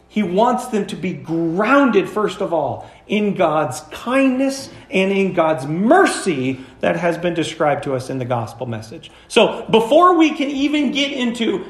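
A man with a high voice preaches to his congregation, pressing his points with emphasis. He keeps turning to the listeners with questions. The sound carries the echo of a large church room. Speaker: pastor. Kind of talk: sermon. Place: church sanctuary.

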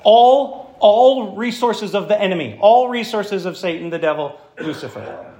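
A man preaching a sermon to a congregation in a church hall, animated and emphatic, often asking the room questions. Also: high voice, unhurried. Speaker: pastor.

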